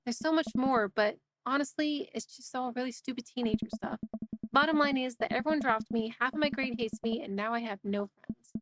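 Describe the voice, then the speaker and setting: A woman's voice: a little high, fairly quick, a bit bright, slight background noise, close to an everyday voice. A woman voicing an upset teenage girl who rambles emotionally about falling out with her friends. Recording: music playing behind.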